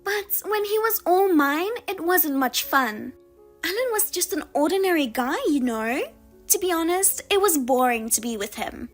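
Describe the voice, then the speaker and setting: A woman plays a spiteful younger sister who steals husbands, her voice pitched high and bouncing all over as she taunts. She gloats in a sing-song lilt, pleased with herself, in a storybook audio drama. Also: lively intonation, moderate pace, faint music behind. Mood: smug.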